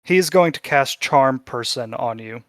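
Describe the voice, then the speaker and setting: A man's voice: mid-range voice, animated, a little slow, over a noisy crowd. A man running a tabletop game as game master, narrating in a casual style and swearing freely.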